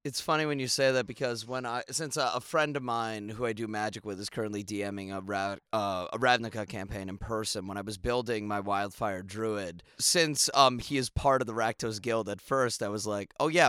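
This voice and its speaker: A man's voice: fairly low pitch, steady tone, moderate pace, few pauses, a bit bright, smooth, no echo, studio quality. A man co-hosting a tabletop gaming podcast, chatting casually and laughing often. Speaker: podcast co-host.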